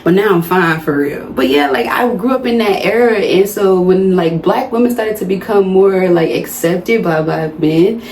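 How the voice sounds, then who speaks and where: A woman's voice: mid-range voice, normal speed, few pauses, a little mellow, a little hiss or hum. A woman, chatting playfully and straight to her viewers in a casual vlog. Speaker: vlogger. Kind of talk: casual chit-chat vlog. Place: indoors under hot lights. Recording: roomy indoor sound with faint music.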